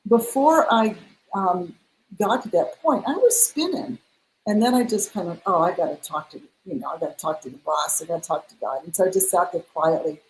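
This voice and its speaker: A woman's voice: on the low side, a little fast, slight background noise, poor audio. A middle-aged woman, a spiritual mentor, telling a personal story in an interview, acting out the dialogue she quotes. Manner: animated, acts out quoted dialogue.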